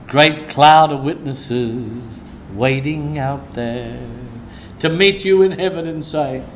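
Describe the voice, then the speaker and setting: A man preaching a sermon as a pastor, telling stories with a lively delivery and breaking into shouts of praise. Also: mid-range voice, slow pace, a little hiss or hum.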